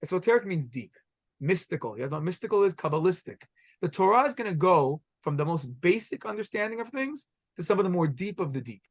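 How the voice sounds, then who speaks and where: High, fast-talking rabbi quizzing a class. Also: male voice. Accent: Israeli Hebrew pronunciation of Hebrew words. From Israel. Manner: energetic, quizzes the room, mixes in Hebrew words. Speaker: rabbi teaching a halacha class. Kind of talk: classroom lecture with questions to students.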